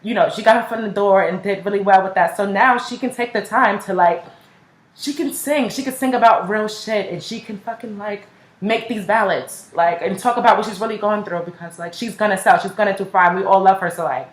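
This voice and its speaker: A woman's voice: medium pitch, fairly quick. A young woman chatting casually in a music reaction video, gushing and filling every sentence with "like" and slang. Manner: gushing, heavy use of "like" and slang. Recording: echoey room.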